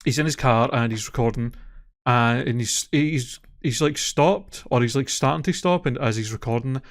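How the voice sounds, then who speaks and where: A man's voice: medium pitch, moderate pace. A man co-hosting a casual podcast, retelling a story and swearing freely as he gets worked up. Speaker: podcast co-host. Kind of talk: casual chat.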